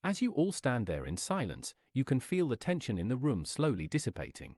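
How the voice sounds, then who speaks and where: A man reading an interactive adventure story aloud in a lively, sing-song storytelling manner. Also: mid-range voice, a little fast, breathy edge, no echo, studio quality.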